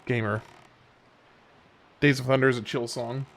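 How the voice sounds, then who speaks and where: A laid-back man from Oklahoma, USA, with a Southern accent streams a game and chats casually with his viewers over a headset mic, often chuckling. His medium-pitched voice is level and fairly bright, at a measured pace.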